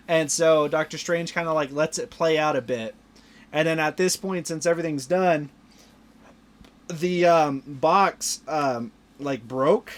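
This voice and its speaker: Young guy on a podcast going scene by scene, gets loud and swears, slightly high voice. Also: unhurried. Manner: excited retelling of scenes, swears, acts out lines. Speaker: podcast host. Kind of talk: casual movie review chat.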